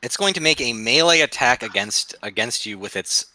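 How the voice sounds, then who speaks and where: A man running a tabletop game, his bright voice rising and falling as he narrates. He stumbles, restarts and curses under his breath at the menus. The sound is dry and close, with no room around it. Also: medium pitch, expressive, moderate pace, no echo. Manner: swears and mutters while working the game menus. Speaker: game master.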